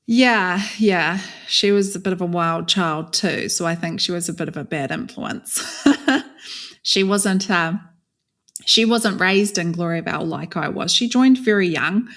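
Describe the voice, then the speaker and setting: A woman's voice: fairly low pitch, a little slow, a bit bright. A young adult woman from New Zealand, a podcast guest telling her story in a candid, conversational way with many fillers and restarts.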